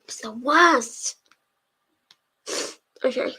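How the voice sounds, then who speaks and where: Young woman chatting on a livestream, high voice, laughs a lot, a bit teary. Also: extremely slow, bright, forceful tone, husky, low-quality recording. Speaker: livestream host of reading sprints. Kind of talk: casual chat to a live audience.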